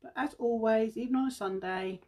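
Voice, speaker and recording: A woman's voice: on the high side, fairly quick, mellow. A British woman on a casual beauty live stream, chatty and a little out of breath, calling her viewers guys and humming to herself as she works. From United Kingdom. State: slightly out of breath. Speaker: beauty seller livestreaming.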